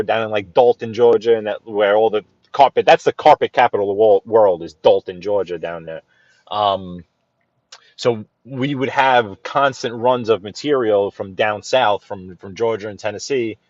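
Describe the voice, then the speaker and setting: A man's voice: medium pitch, no echo. A man talks casually from behind the wheel, pointing things out as he drives. His speech rambles, full of restarts and playful asides. The sound is a bit dull, like live-stream audio captured inside a car. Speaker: driving vlogger giving a live tour.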